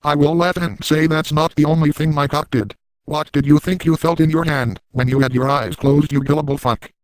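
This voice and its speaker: A man's voice: on the high side, fairly even intonation, brisk, dry recording, lightly acted, rough recording. A man voicing a sleazy, boastful middle-aged cartoon dad, narrating a crude story in the first person. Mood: smug.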